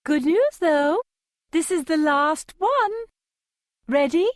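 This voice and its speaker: A woman voicing a silly, chirpy female stylist with a high piping voice and an affected capital-city way of talking, each sentence rising like a question. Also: expressive, slow pace, no echo.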